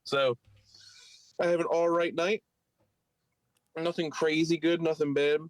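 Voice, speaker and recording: This man speaks on the high side at a measured pace, his voice dry with no echo but the audio poor. Co-hosting a podcast with a Philadelphia accent, he tells a long, rambling story packed with fillers, retelling it animatedly in a casual chat.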